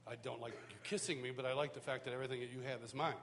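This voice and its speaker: A man teaching a worship school, telling a personal story in an animated way, acting out quotes and laughing often, in front of a live audience. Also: medium pitch, rapid-fire, background noise. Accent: Canadian. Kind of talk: storytelling sermon. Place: large hall, live audience.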